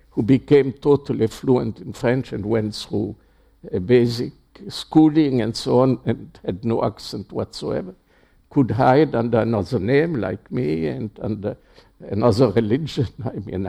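Slow, gravelly older man recalling history. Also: mid-range voice, dark tone. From Czechoslovakia. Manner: halting, with many fillers and restarts. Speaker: interviewee. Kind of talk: oral history interview.

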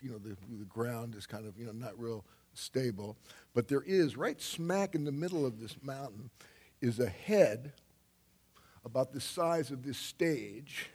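An older man telling a personal story on stage in a rambling way, laughing often and breaking into sudden loud bursts. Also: medium pitch, slightly rough. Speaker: speaker on stage. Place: stage before an audience.

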